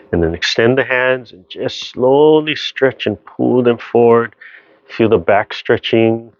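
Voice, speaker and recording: A man teaching a seated tai chi and qigong class over a video call, giving slow, gentle instructions with sighing breaths. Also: fairly low pitch, muffled recording. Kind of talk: guided seated exercise class.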